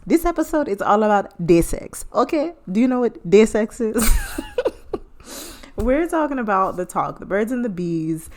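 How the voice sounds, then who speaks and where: Female podcast host, playful chatty delivery, mid-pitched. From United States. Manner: playful, chatty, laughing asides. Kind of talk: casual solo podcast talk.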